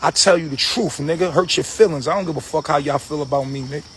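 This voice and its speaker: Man ranting, high-voiced and aggressive. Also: fast, a bit bright, a little hiss or hum. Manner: aggressive, preachy, repetitive. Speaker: livestream host. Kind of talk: profane livestream rant.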